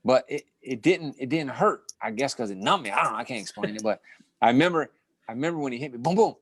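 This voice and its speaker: A middle-aged former boxing champion recounts tales from his career during a casual interview, speaking quickly in a medium-pitched voice. He's an animated storyteller who keeps restarting, repeating words and letting out short laughs. The recording is dry.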